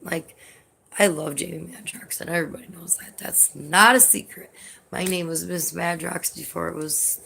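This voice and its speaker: A woman's voice: on the low side, normal speed, vocal fry, a bit bright, slightly rough. A young woman vlogger telling a story in a rambling, casual way, filling her talk with "like" and swearing freely. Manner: rambling, heavy use of "like", swears often.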